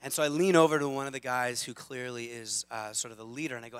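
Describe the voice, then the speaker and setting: A man in his thirties preaching a sermon as a lively, self-deprecating storyteller, with big swings in loudness. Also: mid-range voice, fast, hardly any pauses, clear, resonant tone. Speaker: pastor.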